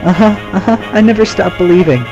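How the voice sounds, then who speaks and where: A man voicing a tearful but plucky young girl in a high squeaky falsetto, over game music. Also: quick pace, muffled recording. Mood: indignant.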